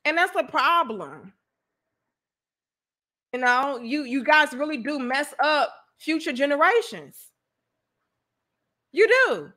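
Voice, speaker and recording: A woman hosting a casual live stream, reading donations and speaking in an animated, outspoken, slangy way. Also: sits high, a little slow, long pauses.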